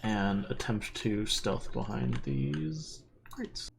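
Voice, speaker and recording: A player in a tabletop game speaking hesitantly, correcting himself mid-thought. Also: male voice, lowish voice, wildly swooping pitch, noisy background. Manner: slow, hesitant. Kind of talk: casual tabletop play.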